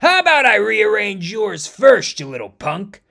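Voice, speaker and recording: Tough, slangy rock-skinned strongman, loud and lively, from a male narrator. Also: sits high, unhurried, vocal fry, exaggerated voice. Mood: gruff.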